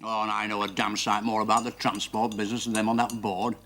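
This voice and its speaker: A brusque yorkshire trucker who's done being talked down to, old tv drama sound, a bit far from the mic, talks quick. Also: male voice, lowish voice, flat delivery, a bit bright. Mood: grumbling. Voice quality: blunt, brusque. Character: gruff working-class Yorkshire lorry driver.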